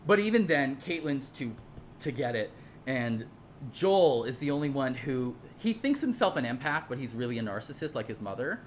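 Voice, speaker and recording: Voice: medium pitch, big pitch swings, moderate pace, a little hiss or hum. Profane, heated personal storyteller. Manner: rambling with frequent repeats and restarts. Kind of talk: casual personal storytelling monologue.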